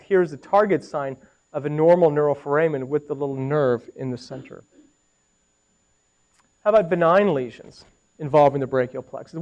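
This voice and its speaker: A man's voice: a little high, a little mellow, rough recording. Man lecturing on medical imaging. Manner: conversational, with anecdotes and audience questions. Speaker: radiology lecturer.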